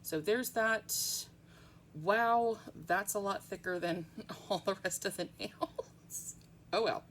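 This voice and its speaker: A woman's voice: mid-range voice, takes it slowly, a bit bright, a little hiss or hum. A woman chatting casually through a nail art tutorial at home, rambling with frequent ums.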